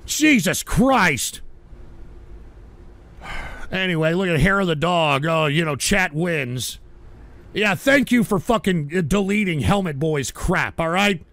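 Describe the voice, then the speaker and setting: An older man hosting a live show, ranting profanely at his chat and often shouting. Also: sits high, no room sound. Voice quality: gravelly. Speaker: radio show host reading chat. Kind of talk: ranting live stream talk.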